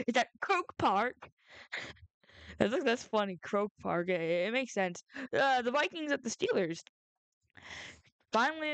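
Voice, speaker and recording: Woman, casual sports vlogger, smooth and fairly high, dry close sound, rambling with lots of restarts. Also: no echo. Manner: rambling, halting, frequent restarts and self-corrections; excitable, jumps up in pitch when outraged.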